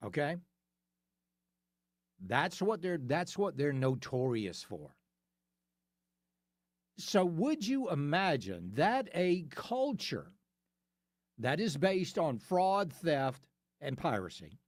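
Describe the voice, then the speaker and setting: A man's voice: fairly high pitch, no room sound. A man hosting a talk radio show, delivering an opinionated monologue in a studio, emphatic and full of rhetorical questions that he answers himself.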